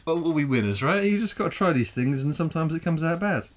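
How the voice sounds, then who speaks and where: A man's voice: fairly high pitch, expressive, brisk, a little hiss or hum. A man co-hosting a comedy podcast over drinks, rambling and swearing a lot as he laughs at his own jokes. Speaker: podcast co-host. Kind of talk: casual, crude comedic chat over drinks.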